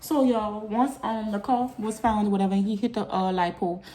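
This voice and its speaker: A young woman vlogger, telling a personal story in a casual storytime video, animated and jumping into loud high bursts when upset. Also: normal speed.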